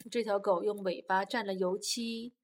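A woman's voice: mid-range voice, steady tone, moderate pace, a little hiss or hum. Patient woman asking leading questions. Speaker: adult quizzing a child on a story. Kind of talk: reading-time comprehension questions.

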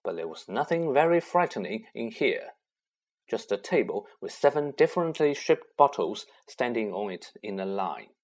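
A man narrating a children's fantasy novel aloud with expressive storytelling and a husky voice. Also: fairly low pitch, normal speed. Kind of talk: audiobook reading.

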